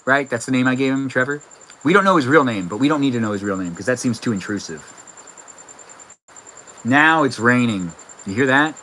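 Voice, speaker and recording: Young male streamer, bright and chatty, talks to viewers on a live stream. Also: medium pitch, lively intonation, brisk, pauses often, a little hiss or hum, poor audio. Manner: chatty, reads viewer comments aloud. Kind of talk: casual live-stream chat.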